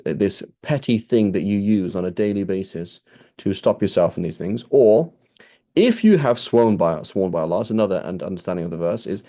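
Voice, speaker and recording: A man's voice: fairly low pitch, warm tone. A man giving an informal lesson on scripture, talking conversationally with frequent restarts and checks with his listeners, quoting Arabic phrases. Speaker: teacher.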